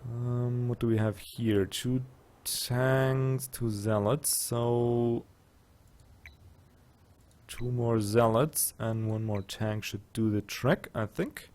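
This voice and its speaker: A man's voice: medium pitch, steady tone, slow, darkish tone. A man with a German accent, casually commenting on a strategy game and thinking aloud with muttered asides. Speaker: let's play gamer.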